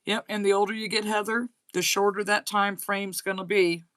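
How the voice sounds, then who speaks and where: A woman's voice: mid-range voice, a bit bright, no echo. A woman with a slight Southern US accent hosting a casual livestream chat, reading and answering viewer comments aloud. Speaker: crochet channel host.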